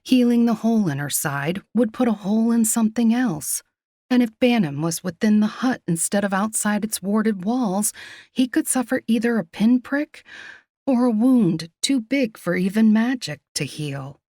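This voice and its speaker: A woman giving scripted, measured narration of a romance audiobook. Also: a little high, expressive, mellow, dry recording, studio quality.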